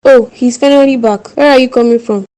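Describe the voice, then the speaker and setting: Brief: woman as pushy older Nigerian mother, mellow low-key voice, bossy. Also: steady tone, fairly quick, close to an everyday voice. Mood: indignant. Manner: scolding, bossy, nagging. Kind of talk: cartoon voice acting.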